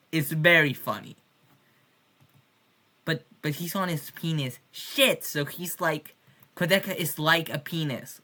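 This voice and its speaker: A woman's voice: low-pitched, takes it slowly, sharp tone. A woman recording a casual video diary, rambling about music with many restarts and joking swears. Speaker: music fan.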